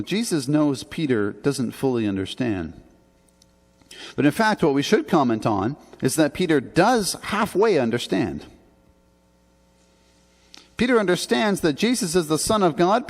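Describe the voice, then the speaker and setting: In a reverberant church sanctuary, a Canadian pastor gives a sermon with a sing-song voice that's a little high, at a normal speed. His preaching is earnest and conversational, marked by emphatic rises.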